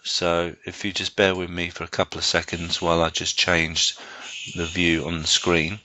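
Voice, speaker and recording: A man giving a live software training presentation to staff, explaining step by step with frequent ums and restarts. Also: sits low, monotone, normal speed, lo-fi sound, background noise. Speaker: learning technologist giving a staff training session.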